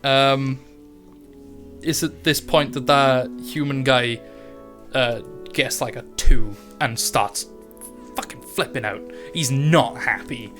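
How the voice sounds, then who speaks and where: A man's voice: medium pitch, takes it slowly, soft background music. Chatty male dungeon master. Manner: relaxed, chatty, with many fillers and laughs. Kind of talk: narrating a tabletop game.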